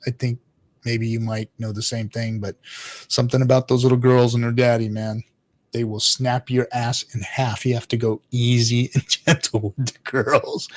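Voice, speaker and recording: An adult father with a mid-range voice hosts a crypto livestream, reading chat and talking loosely while swearing freely and laughing often. He rambles, trails off and restarts, sometimes dropping into quiet low mutters before picking back up.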